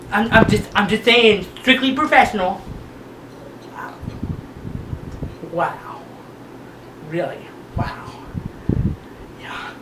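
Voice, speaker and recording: Guy doing a flirty vain gym dude, slow and swoopy, echoey room, far off mic. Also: sits high, voice pushed down, heavily acted. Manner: smug, flirtatious, self-admiring. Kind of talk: sketch comedy audition. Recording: echoey room, far camera, background noise.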